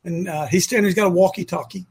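A middle-aged man hosting a ministry talk show, telling a story with fervor in repetitive bursts that climb to near-shouts. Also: high-pitched, quick pace, slightly rough. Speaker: ministry leader and show host. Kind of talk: impassioned conversational storytelling.

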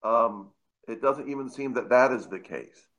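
A man calling in to a talk show, commenting haltingly and stumbling over his words. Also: mid-range voice, fairly bright tone, low-quality recording.

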